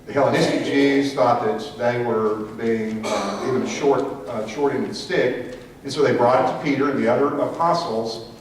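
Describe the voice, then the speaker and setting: A Sunday school teacher calls on class members by name as he asks them questions. His medium-pitched voice keeps a moderate pace and fairly even intonation. A room mic picks him up from far off, with echo and faint hiss.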